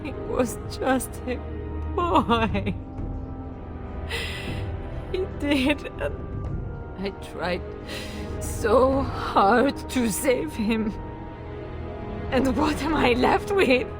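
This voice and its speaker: A woman's voice: sits high, animated, very slow, pauses often, music in the background, heavily acted. An actress voicing a noble mother desperate to save her son, emotional and pleading, in a video game. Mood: grieving.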